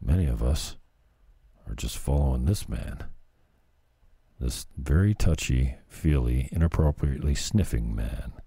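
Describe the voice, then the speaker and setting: Low, sarcastic male commentator. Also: lively intonation, unhurried, gravelly, dark tone, husky, no room sound. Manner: sarcastic, jeering. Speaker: commentary host. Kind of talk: mocking commentary over clips.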